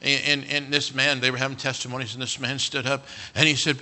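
A middle-aged male pastor preaching a sermon, telling stories and swinging from quiet asides to loud near-shouts. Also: mid-range voice, flat delivery, fairly quick.

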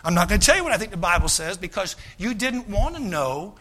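Animated, bright-toned preacher man. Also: high voice, quick pace. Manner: animated, folksy, acts out quoted voices, many repeated starts. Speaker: pastor. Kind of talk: sermon.

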